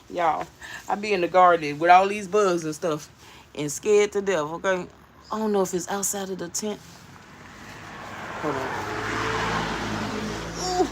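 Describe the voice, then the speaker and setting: A woman's voice: fairly low pitch, a little slow, pauses often, slight background noise. A woman vlogging from her home garden, telling a rambling story to her viewers and laughing often. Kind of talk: casual storytelling chat.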